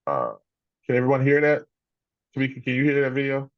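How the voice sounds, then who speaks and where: Guy facilitating a workshop over a video call, kinda hesitant, lots of ums, flat dull audio, no room sound. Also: mid-range voice, brisk, no room sound. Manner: hesitant, many fillers and hedges. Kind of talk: leading an online workshop.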